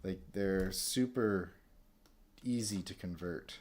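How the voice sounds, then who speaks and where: A man's voice: low-pitched, takes it slowly, a little mellow. A man casually chatting on a game livestream, rambling through stories and answering chat with lots of fillers and restarts.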